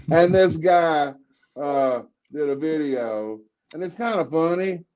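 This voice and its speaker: A man's voice: fairly high pitch, takes it slowly, darkish tone, dull audio. A man with a Southern accent co-hosting a casual political chat show. He talks bluntly, often stammering and restarting his sentences. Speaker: co-host, cartoonist.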